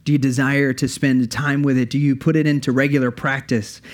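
A man's voice: medium pitch, level tone, fairly quick. A male pastor preaching a sermon earnestly, building his points with repeated phrases.

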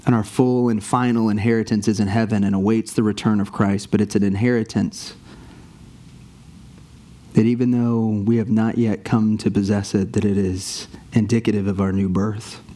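A man preaching a sermon to his church, earnest and rising in pitch on the points he stresses. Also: flat delivery, moderate pace, warm tone. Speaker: pastor.

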